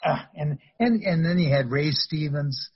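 A man's voice: a little high, measured pace, slightly rough, highs cut off. An older man, a former wrestler, telling rambling anecdotes in a casual interview, laughing through his stories.

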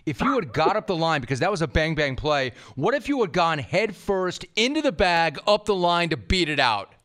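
A man's voice: fairly high pitch, big pitch swings, normal speed, a bit bright. A man hosting a podcast, speaking emphatically, asking questions and reading an ad. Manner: emphatic, enthusiastic delivery. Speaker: podcast host. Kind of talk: podcast interview and live ad read.

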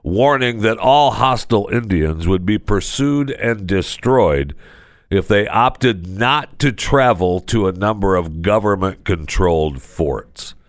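Casting note: male host, low voice, very animated, jokey rambling ad-read delivery, dry close mic. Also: slow pace, no echo. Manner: jokey, rambling, mock-corrects himself. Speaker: podcast host. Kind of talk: casual podcast talk with a host-read ad.

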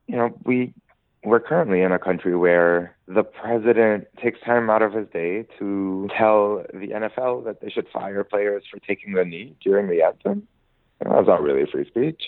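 A man's voice: low-pitched, no echo. A man answering interview questions thoughtfully, with many hesitations and ums. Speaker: interview guest, musician. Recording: dry, phone-like narrow sound.

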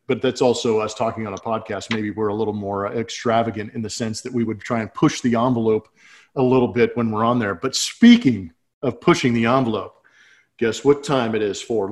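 A man's voice: medium pitch, brisk. Casual male podcast co-host. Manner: relaxed, reacting with short quips.

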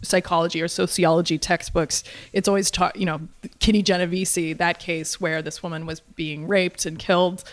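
A woman's voice: fairly low pitch, level tone. A woman interviewing a film director, asking questions in a chatty way with frequent fillers. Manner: chatty, quick to laugh, many fillers.

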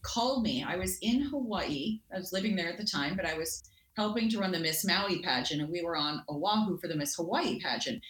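A Canadian woman, a guest in a casual interview, telling stories in an animated way and acting out quotes. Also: lowish voice, a little fast, reverberant. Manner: animated, acts out quotes in lively voices.

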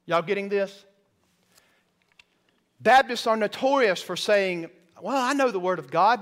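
A man's voice: high voice, lively intonation, measured pace, long pauses, fairly bright tone. A man preaching a sermon in a church, folksy and checking that the congregation follows along. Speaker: pastor. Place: church sanctuary.

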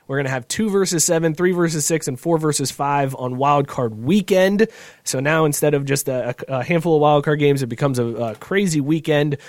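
A man's voice: fairly high pitch, a little fast, dry recording. A man hosting a casual podcast chat over a video call, loose and joking, laughing often. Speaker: podcast host.

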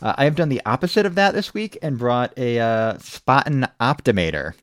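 A man's voice: medium pitch, expressive, normal speed, no echo. An American man hosting a casual podcast, with a dry, wry delivery. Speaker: podcast host.

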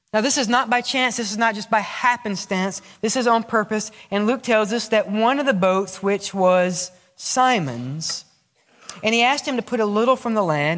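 A man's voice: sits high, a bit bright. A male pastor preaching a sermon. He asks the congregation questions, answers them himself, and acts out short prayers and replies. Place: church sanctuary. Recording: echoey church sanctuary with long reverb.

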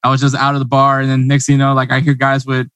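A man's voice: mid-range voice, monotone, rapid-fire, fairly bright tone, clean tone, no echo. American male host, chatty, laughs often, dry close sound. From United States. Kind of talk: casual interview chat.

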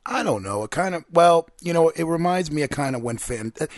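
A man hosting a casual wrestling podcast, giving a brisk play-by-play recap. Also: fairly high pitch, lively intonation, dry recording. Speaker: podcast host.

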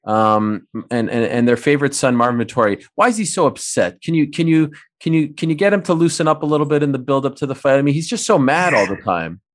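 A male interviewer speaks in a steady, measured way, asking questions and giving his own view. His voice has a plain middle pitch for a man.

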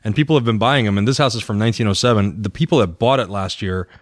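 Easygoing low-voiced podcast guy. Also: fast, no echo, clean studio sound. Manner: easygoing, enthusiastic, laughs often. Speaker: podcast co-host, new realtor. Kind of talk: casual podcast chat.

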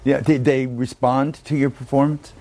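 A man's voice: mid-range voice, little pitch movement, normal speed, mellow. American male critic-host, mid voice, chatty prompting style. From United States. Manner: conversational, prompting with short questions and agreement. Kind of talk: podcast interview.

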